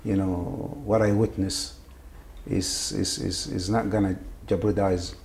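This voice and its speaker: Low and a little mellow, with vocal fry and fairly even intonation, this man's voice carries emotional interview testimony. He's from Saudi Arabia, a native Arabic speaker, and recounts his ordeal haltingly, with frequent repetition, over faint background noise.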